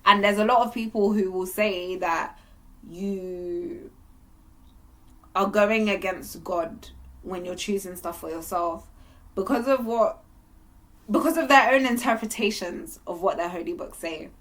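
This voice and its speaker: A young woman talking to camera in a candid, animated monologue, sometimes breaking into laughter. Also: medium pitch, a little slow. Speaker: vlogger.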